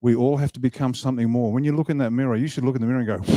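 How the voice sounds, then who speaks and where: A man delivering a rousing motivational speech to a hall, emphatic and full of asides. His voice is mellow and low-toned, and the sound is dry and close. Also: rapid-fire. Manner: emphatic, animated, jokes with the crowd. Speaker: party leader giving a speech. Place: event hall.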